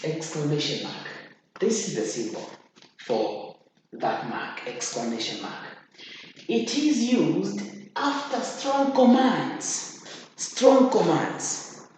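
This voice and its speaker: A teacher leads a grammar lesson at an unhurried pace, repeating each key point and stopping to check that the class is following. The recording is heavily echoey, as if made in a bare room, with a faint noise underneath. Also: medium pitch, big pitch swings, a little mellow. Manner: repeats key phrases for emphasis; addresses students directly with checking questions.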